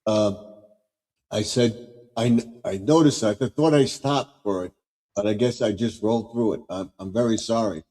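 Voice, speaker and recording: A man's voice: fairly low pitch, moderate pace, warm tone. A man chatting on a casual live stream, telling rambling anecdotes and often murmuring agreement. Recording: voice with long reverb.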